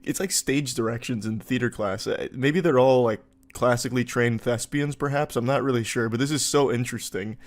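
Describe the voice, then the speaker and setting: A young man with a voice of ordinary, middle pitch talks through online posts in a loose, conversational way. He sounds wry and incredulous, poking fun at what he reads. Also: fairly quick, few pauses. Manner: wry, incredulous, mocking asides. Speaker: commentator reading online posts. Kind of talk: casual commentary.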